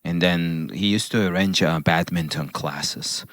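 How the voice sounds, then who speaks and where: A man on a podcast recalling past jobs in casual chat, pausing and searching for words. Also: deep voice, fairly bright tone, no echo, studio quality. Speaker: podcast co-host.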